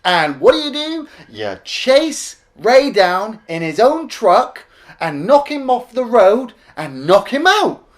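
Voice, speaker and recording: A man's voice: very high voice, big pitch swings, takes it slowly. Sweary man ranting about films. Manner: blunt and sweary, gets worked up in loud rants. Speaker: podcast co-host. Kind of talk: casual film review chat.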